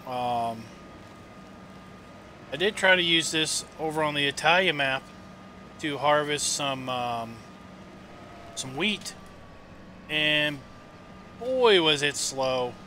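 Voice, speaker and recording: A man's voice: fairly high pitch, animated, slow, long pauses, pushed and bright, slight background noise. A man casually chatting and telling stories while streaming a farming game, rambling with lots of fillers. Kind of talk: casual gameplay chat and storytelling.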